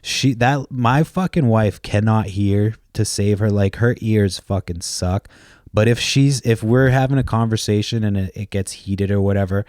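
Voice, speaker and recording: A man with a lowish voice hosts a casual podcast, drifting from story to story. He swears constantly, stumbles and restarts his sentences, and chuckles at his own tales. The sound is dry and close. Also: normal speed, a little mellow, no room sound. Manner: profane, storytelling, lots of restarts and fillers; laughs at his own stories. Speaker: podcast host. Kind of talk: rambling casual chat.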